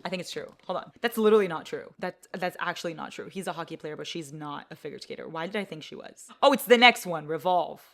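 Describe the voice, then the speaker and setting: A woman book vlogger chatting casually, rambling along with excited gasps and the odd curse word. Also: low-pitched, fast talker, gravelly, few pauses. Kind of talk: casual vlog chat.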